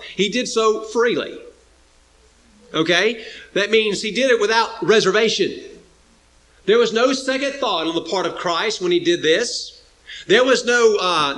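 A man preaching a sermon, emphatic and repetitive, sometimes acting out quoted speakers in a raised voice. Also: fairly bright tone. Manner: emphatic, repeats phrases, rises to high pitch for emphasis; acts out quoted speakers in a higher voice.

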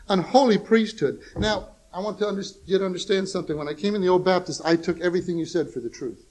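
Preacher, loud then soft. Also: male voice, fast talker, low-quality recording. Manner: swings between soft, low asides and loud, emphatic exclamations, with folksy humor; chuckles at his own jokes. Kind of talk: sermon.

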